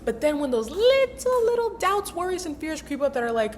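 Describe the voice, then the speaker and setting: A young woman with a high, sing-song voice talks fairly quickly over slight background noise. As a self-help vlogger giving a casual mindset talk, she's chatty and emphatic, uses lots of slang and acts out inner voices.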